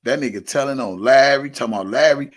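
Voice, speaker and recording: A brash man, hosting an online show and talking profanely and loudly to his viewers. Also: medium pitch, fast talker. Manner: brash, loud, profane, repeatedly urging likes.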